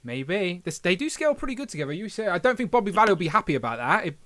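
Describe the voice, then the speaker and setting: A man's voice: high-pitched, sing-song, rapid-fire, fairly bright tone. A man hosting a casual livestream, rambling and correcting himself as he reads the chat aloud. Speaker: podcast host.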